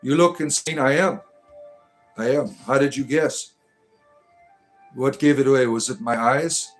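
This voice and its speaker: A man with a Detroit accent hosting a livestream, reading viewer comments aloud and answering them in a deadpan, tongue-in-cheek mystic persona. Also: mid-range voice, a little slow, soft background music. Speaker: livestream host.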